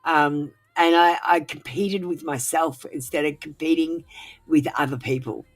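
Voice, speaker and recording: A woman's voice: low-pitched, fairly even intonation, a little slow. A woman giving frank, casual advice on a tarot livestream while feeling unwell, swearing freely and dropping in many fillers.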